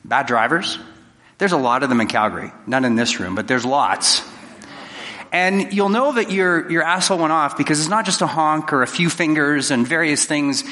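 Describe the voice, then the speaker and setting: A man's voice: a little high, expressive, moderate pace, pushed and bright, long reverb tail. A man giving a conversational, jokey talk to a live audience, acting out quoted exchanges. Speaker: public speaker.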